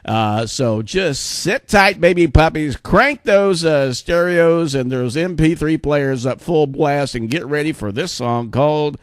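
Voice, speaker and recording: A man's voice: fairly high pitch, unhurried, few pauses, no room sound, studio quality. A man in his sixties hosting his show, talking casually to viewers in a rambling way full of fillers and asides. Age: 60s. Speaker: show host.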